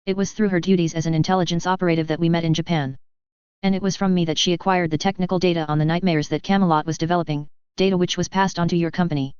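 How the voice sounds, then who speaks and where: A reader voicing a calm, determined young man, a former mech pilot, who speaks in a measured, composed way. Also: medium pitch, clean tone, no echo, dull audio, natural voice.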